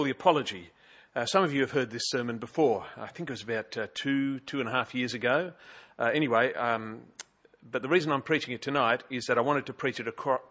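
A man's voice: mid-range voice, a bit bright, muffled recording. A man with an Australian accent preaching a sermon in a conversational, wryly humorous way, with frequent hesitations, in a church. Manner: conversational, chatty, with frequent uh fillers and wry humour. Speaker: pastor.

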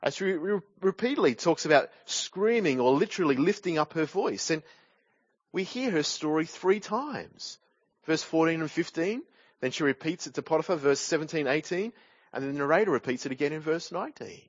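A man delivering a sermon in a somewhat high voice, steady and explanatory. He often rounds off a point with a rhetorical tag question. The recording is dry, with a slightly dull, lo-fi sound. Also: fairly quick, no echo. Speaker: preacher.

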